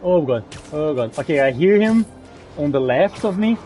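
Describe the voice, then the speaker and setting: A man giving rambling, excitable gameplay commentary as a gaming channel host, often restarting his sentences. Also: fairly high pitch, moderate pace, faint music behind.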